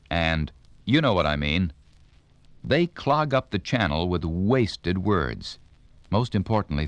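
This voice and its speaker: A deep-voiced man reads a scripted instructional narration at an unhurried pace. His delivery is clear and deliberate, like a radio announcer, and his pitch rises and falls with lively emphasis. The recording is dry and close, with no room sound. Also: no room sound.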